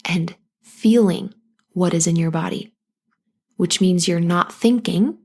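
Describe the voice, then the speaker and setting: Gentle woman coaching through anxiety. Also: fairly low pitch, slow, pauses often, breathy edge. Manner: gentle, coaching, acts out anxious inner voices. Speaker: podcast host, postpartum coach. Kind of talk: solo podcast talk.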